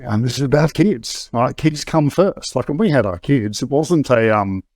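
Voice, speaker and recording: A man's voice: mid-range voice, lively intonation, normal speed, darkish tone, dry recording. Middle-aged aussie guy talking it through, dead dry sound, stops and restarts a lot. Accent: Australian. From Australia. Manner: conversational, with frequent restarts and fillers. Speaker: guest. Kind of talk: candid personal storytelling.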